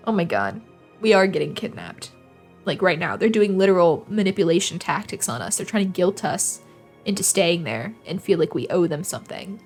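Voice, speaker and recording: A woman's voice: medium pitch, big pitch swings, husky, soft background music. A young woman reading a visual novel aloud and adding sarcastic, chatty jokes between lines. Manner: sarcastic, chatty, quick asides. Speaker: gaming channel host.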